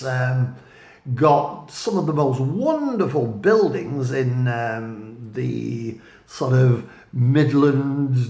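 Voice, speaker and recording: Brief: slow-talking man from northwest England, fairly high voice, self-mocking storyteller. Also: echoey room. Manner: rambling, self-mocking, chuckling asides. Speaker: writer and vlogger. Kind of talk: casual storytelling monologue.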